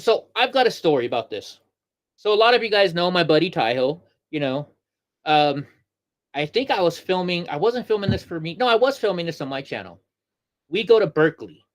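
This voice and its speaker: A man's voice: sits high, very animated, normal speed. A man hosting a livestream show, giving heated, rambling political commentary, repeating himself and answering viewers in the chat. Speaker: host.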